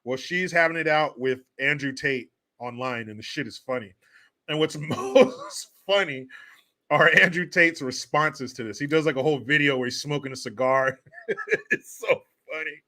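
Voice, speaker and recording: A man's voice: on the high side, moderate pace, sharp tone. A man hosting a comedic political commentary show, talking in a crude, sarcastic way and laughing often. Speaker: host.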